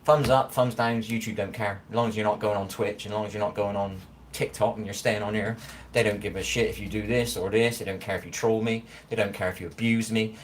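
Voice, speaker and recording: A man's voice: on the low side, fairly even intonation, fairly quick, a little hiss or hum, rough recording. A man, chatting casually with viewers on a live stream, bantering and swearing now and then. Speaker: livestreamer reading chat.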